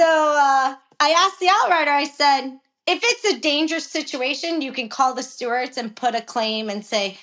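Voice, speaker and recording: High-voiced woman telling a lively story. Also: normal speed. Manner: animated, profane, acts out quotes with raised voice. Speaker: professional jockey, podcast guest. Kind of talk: casual storytelling interview.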